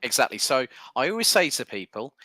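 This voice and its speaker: A man commentating a sim racing broadcast, calling the action quickly with casual fillers between remarks. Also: medium pitch, no room sound. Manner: fast, excitable play-by-play with fillers.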